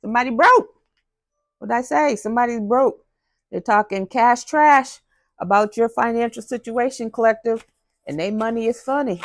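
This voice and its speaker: A woman gives her viewers a casual tarot-style card reading, chatting to them directly and slipping into slang. Her voice is a little high and her pace moderate, with studio-quality audio and no room sound.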